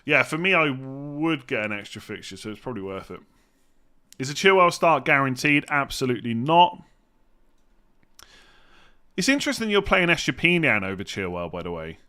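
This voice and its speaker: Bright-voiced English man thinking aloud. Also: medium pitch, big pitch swings, normal speed, pauses often, clean tone. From England. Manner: rambling, thinks aloud, hums while reading. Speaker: fantasy football streamer. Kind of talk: live stream Q&A.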